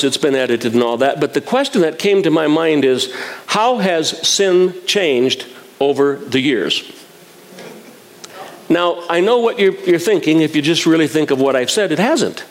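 A man in his sixties preaching a sermon in a folksy, self-mocking way, chuckling at his own jokes. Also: on the high side.

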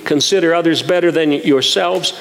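A man's voice: fairly high pitch, normal speed, vocal fry. A man preaching a sermon, telling folksy stories with humor and reading scripture aloud.

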